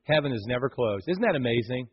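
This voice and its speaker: A male pastor preaching a sermon, telling stories with animated swings between hushed and loud delivery. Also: mid-range voice, fast, slightly rough, highs cut off.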